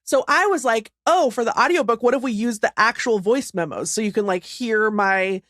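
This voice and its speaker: A woman's voice: a little high, moderate pace, a bit bright, dry recording, clean studio sound. A woman co-hosting a casual podcast, talking in a rambling, self-deprecating way and often laughing. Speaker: podcast co-host. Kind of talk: casual chat.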